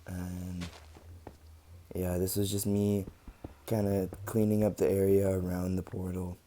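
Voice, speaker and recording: A young man talking casually over his gameplay footage, relaxed and rambling with lots of ums. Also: low voice, unhurried, slight background noise. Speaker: gaming channel host.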